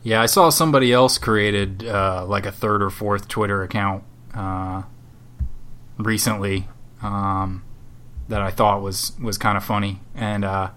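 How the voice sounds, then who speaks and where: A man's voice: lowish voice, steady tone, a little slow, fairly bright tone. A man co-hosting a podcast from Southwest Florida, chatting casually in a rambling, sardonic and profane way. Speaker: podcast co-host. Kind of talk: casual chat.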